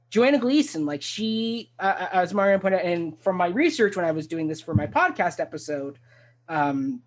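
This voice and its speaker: A talk show host in a casual discussion of a stage musical, talking enthusiastically and rambling with many restarts. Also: medium pitch.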